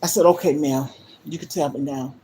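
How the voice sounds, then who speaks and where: A woman's voice: low voice, steady tone, brisk, mellow, slight background noise. An older woman hosting a livestream from her living room, talking to viewers in an earnest, emphatic way. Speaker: livestream host. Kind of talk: emotional livestream monologue. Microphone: phone livestream.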